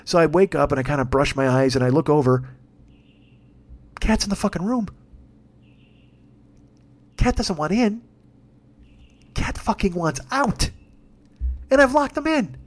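A man hosting a podcast, telling a rambling comic story in a casual, swearing, animated way. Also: a little high, a little slow, long pauses. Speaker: podcast host. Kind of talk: comedic storytelling.

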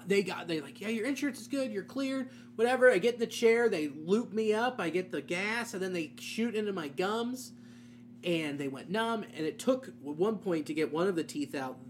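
A man's voice: high-pitched, moderate pace. A man in his thirties swaps stories on a comedy podcast, swearing freely. He tells them with animation and acts out the voices of the people he is quoting. A faint hum sits under his voice. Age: 30s. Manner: profane, animated storytelling with acted-out voices. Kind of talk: casual storytelling chat.

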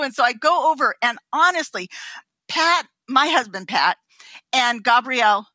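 A woman guest on a podcast telling an anecdote in an animated way, laughing often and acting out voices. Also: high-pitched, measured pace, no room sound. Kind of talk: anecdotal storytelling.

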